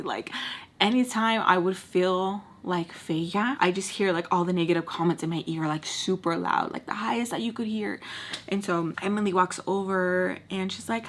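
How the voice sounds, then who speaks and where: A woman's voice: medium pitch, a little fast. A young woman in her twenties, casually telling an emotional story while doing her makeup, acting out the people in it and cursing freely, mixed in. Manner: animated, emotional, acts out quotes, curses freely. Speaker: beauty vlogger telling a story.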